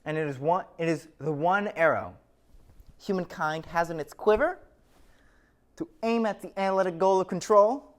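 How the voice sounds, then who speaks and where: A man's voice: high voice, normal speed. A man giving a scripted lecture, telling an illustrative story with wry asides.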